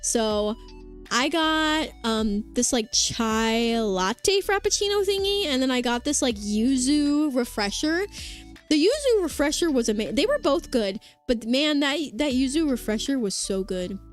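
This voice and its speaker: A young woman streams as a vtuber, her high, animated voice moving a little slowly and her throat sore after hours of talking. She rambles casually, full of "like" and "um," reading chat aloud while faint music plays behind her.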